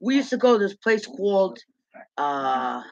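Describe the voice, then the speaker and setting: A middle-aged woman telling loose, halting stories from her past, repeating words as she goes and laughing at her own memories. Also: medium pitch, big pitch swings, highs cut off. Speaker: vlogger. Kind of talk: rambling personal storytelling.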